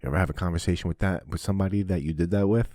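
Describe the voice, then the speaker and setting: A man hosting a podcast, giving a casual, animated monologue full of swearing. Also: deep voice, racing, no room sound, clean studio sound. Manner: swears often, animated and preachy. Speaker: podcast host.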